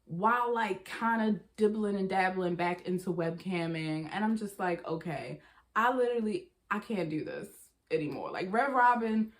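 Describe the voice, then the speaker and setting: A young woman vlogger with a medium-pitched voice tells a casual storytime. She acts out what people said to her in quick, quoted voices.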